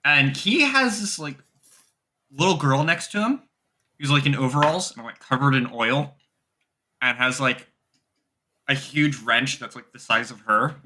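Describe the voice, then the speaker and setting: Bright-voiced young man running a game. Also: mid-range voice, animated, a little slow, long pauses. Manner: loose, filler-heavy narration with frequent "like". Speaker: game master. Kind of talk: narrating a tabletop game.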